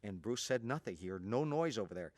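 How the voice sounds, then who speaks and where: Older man telling a lively anecdote. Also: fairly quick, dry recording, clean studio sound. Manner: lively, animated, voices quotes at a much higher pitch. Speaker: martial arts instructor telling an anecdote. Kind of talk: storytelling, acting out quotes.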